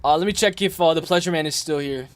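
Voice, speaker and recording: A man hosting a live stream, chatting casually and excitably with his viewers and laughing often. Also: on the high side, quick pace, background noise. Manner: excitable, laughs often, talks straight to chat. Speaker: livestream host.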